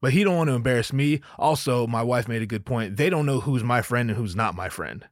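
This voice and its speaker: A man's voice: mid-range voice, brisk, no room sound, clean studio sound. A man hosting a podcast who tells a casual, profane story, laughing as he goes. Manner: animated, profane, laughs while telling stories. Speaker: podcast host.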